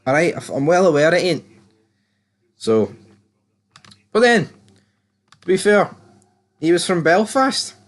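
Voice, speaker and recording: A man's voice: high-pitched, sing-song, takes it slowly, pauses often. A British man giving a casual, rambling and opinionated recap of a TV episode, swearing freely as he goes. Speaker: TV series reviewer.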